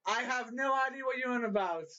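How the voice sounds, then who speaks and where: A man co-hosting a podcast, giggling a lot and swooping up into high squeals when he laughs or mimics. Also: fast, pushed and bright. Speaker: podcast co-host. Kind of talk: casual storytelling chat. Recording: dull lo-fi audio.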